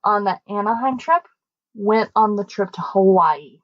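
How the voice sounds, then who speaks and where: A young woman co-hosting a podcast, telling a story casually and acting out the quoted voices with big jumps in pitch. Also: unhurried, no echo. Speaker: podcast co-host. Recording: dull, dry lo-fi mic.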